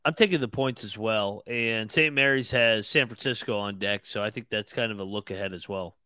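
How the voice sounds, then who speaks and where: An easygoing co-host, a man with a bright, forceful voice at a middle pitch. He agrees readily and talks his picks through plainly. The sound is dry and close. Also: brisk, dry recording. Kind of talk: casual betting picks chat.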